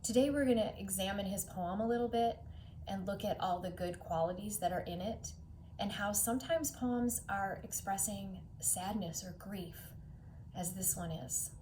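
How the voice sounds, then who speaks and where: A middle-aged woman teacher leads a read-aloud lesson for children in a voice of ordinary pitch. She speaks expressively and echoes words in rhythmic repetition. At sad passages she sinks to a hushed near-whisper. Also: a little hiss or hum. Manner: repeats words rhythmically, echoing the poems.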